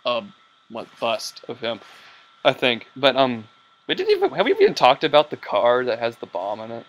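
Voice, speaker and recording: A young man hosting a casual podcast, rambling excitedly with lots of fillers and quoted lines. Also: medium pitch, moderate pace. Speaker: podcast host. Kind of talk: casual chat.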